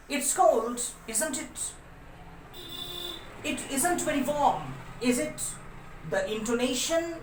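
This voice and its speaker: A woman gives a deliberate classroom grammar lesson, repeatedly urging her listeners to understand. Her voice sits a little high. It rings in a roomy space and comes from some distance off the mic. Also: slight background noise. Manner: deliberate, repeats "try to understand" while explaining. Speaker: English teacher. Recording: roomy echo, voice from far off the mic.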